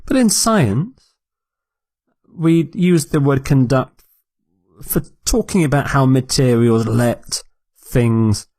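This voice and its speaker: A man teaching English vocabulary, repeating each word clearly and explaining it for learners. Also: mid-range voice, darkish tone, no room sound. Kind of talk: slow, deliberate vocabulary lesson.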